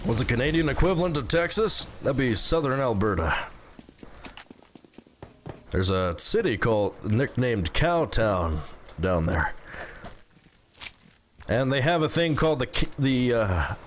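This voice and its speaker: A man's voice: medium pitch, very animated. A man streaming a game, chatting casually and jokingly with his viewers. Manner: playful, joking, quick laughs. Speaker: gaming streamer. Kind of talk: casual gameplay chat with viewers. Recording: noisy game stream audio.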